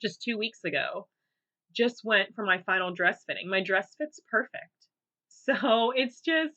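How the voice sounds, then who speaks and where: Bright, chatty woman podcast host. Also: mid-range voice, lively intonation, unhurried, pauses often, muffled recording. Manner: chatty and upbeat, laughs easily, many fillers. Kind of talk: casual solo podcast monologue.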